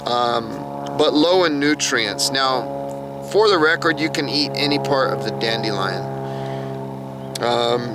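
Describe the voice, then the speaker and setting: A man's voice: a little high, background noise. A man recapping a TV episode from his notes in a chatty, reactive way. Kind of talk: casual recap monologue.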